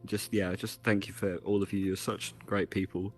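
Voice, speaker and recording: A man's voice: low-pitched, flat delivery, moderate pace, soft background music. A man speaking emotionally, choked up and laughing nervously as he thanks his team. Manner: soft, grateful, laughs nervously. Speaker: team member.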